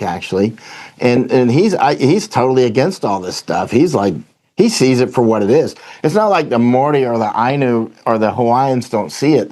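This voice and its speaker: A man's voice: medium pitch, a little mellow. A man with a Southern US accent, a guest in an interview, telling stories in a rambling way and often restarting his sentences. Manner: rambling, self-correcting storyteller. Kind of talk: conversational interview.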